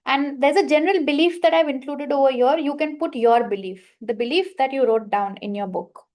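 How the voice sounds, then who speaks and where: A woman coach leading a guided money affirmation exercise, slowly repeating statements and giving prompts to her listeners. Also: sits high, darkish tone. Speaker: manifestation coach leading a workshop.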